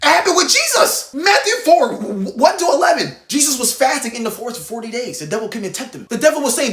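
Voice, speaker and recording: A man's voice: very high voice, big pitch swings, fairly quick, few pauses, a bit bright, roomy sound. A man preaching an informal, fiery sermon to camera, blunt and intense, swearing freely as he urges his listeners. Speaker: online Christian preacher.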